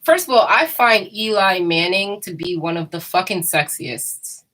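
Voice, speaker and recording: A woman's voice: lowish voice, lively intonation, measured pace, sharp tone, low-quality recording. A woman chatting casually and candidly, rambling and laughing often. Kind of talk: casual chat.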